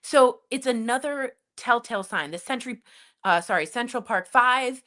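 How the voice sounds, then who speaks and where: A woman's voice: a little high, normal speed, sharp tone. A woman co-hosting a news and comedy podcast, giving emphatic, impassioned opinions in casual chat. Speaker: podcast co-host.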